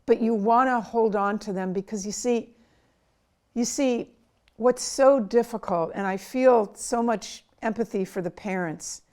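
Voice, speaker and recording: Slow-spoken earnest woman psychiatrist. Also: on the high side, darkish tone. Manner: slow, earnest, acts out quoted dialogue. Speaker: child psychiatrist. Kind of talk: interview answer, advice to parents.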